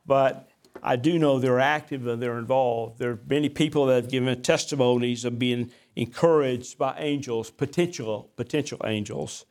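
A man preaching from the pulpit, moving between a relaxed, folksy storytelling tone and emphatic, deliberate scripture reading. His pitch sits in an ordinary middle range, and he adds a gentle self-deprecating humor. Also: smooth. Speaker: pastor. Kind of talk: sermon.

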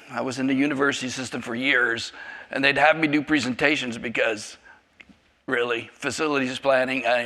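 A man's voice: medium pitch, bright, forceful tone. A man in his fifties from South Africa, giving a rambling, self-deprecating testimony to a church group. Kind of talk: personal testimony to a congregation.

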